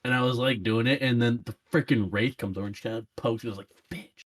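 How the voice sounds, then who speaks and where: A man's voice: medium pitch, steady tone, fast. A young man co-hosting a podcast, chatty and making crude jokes in casual talk with friends. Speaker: podcast co-host. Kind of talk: casual gaming chat.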